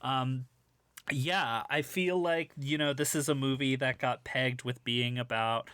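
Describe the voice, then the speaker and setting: A man joining a casual film podcast as a guest writer, speaking in a thoughtful, articulate way with some filler pauses. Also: mid-range voice, steady tone, a bit bright, smooth, no room sound.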